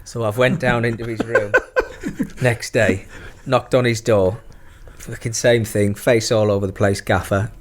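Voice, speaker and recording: A man's voice: fairly low pitch, level tone, unhurried. A middle-aged man, a former footballer telling profane stories in casual chat and laughing through them. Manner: profane, laughing anecdote-teller. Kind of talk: casual storytelling.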